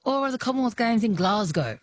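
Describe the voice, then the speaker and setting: A woman's voice: medium pitch, animated, fairly quick, loud music behind the voice. An Australian woman hosting a talkback radio quiz, chatty and teasing with callers. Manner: chatty, teasing, laughs often.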